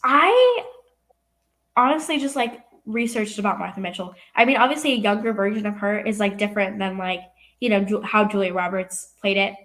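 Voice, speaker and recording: A teenage girl from California, talking as an interview guest about her acting work. She speaks casually at a middle pitch, with her sentences full of "like" and "um". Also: normal speed, fairly bright tone. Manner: youthful, heavy use of "like" and "um". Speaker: actress guest.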